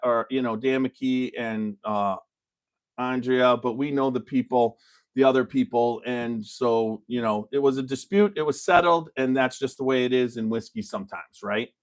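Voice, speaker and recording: A man's voice: mid-range voice, moderate pace. A man hosting a casual bourbon tasting chat, telling stories in a loose, rambling way. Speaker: whiskey reviewer, show host.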